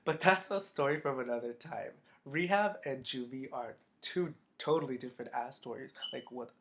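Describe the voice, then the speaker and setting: A man's voice: mid-range voice, moderate pace, fairly bright tone, slight background noise. A teenage boy telling a storytime vlog in casual chat, rambling, swearing a lot, his voice cracking. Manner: profane, rambling with constant fillers. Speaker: vlogger.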